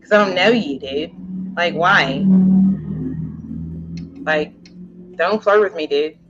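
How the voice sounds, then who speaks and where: A woman co-hosting a casual chat, rambling and animated with many filler words. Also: fairly low pitch, takes it slowly, dull audio, heavy background noise. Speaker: co-host.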